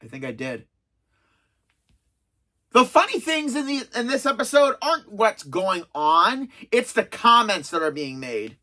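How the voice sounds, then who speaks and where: A chatty reviewer in their thirties with a bright, forceful voice, counting down favourite episodes. The talk wanders and restarts, with a dry, sarcastic edge throughout. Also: medium pitch, lively intonation, moderate pace, hardly any pauses. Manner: chatty, self-described sarcastic, rambling with restarts. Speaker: video reviewer. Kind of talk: casual spoken episode countdown.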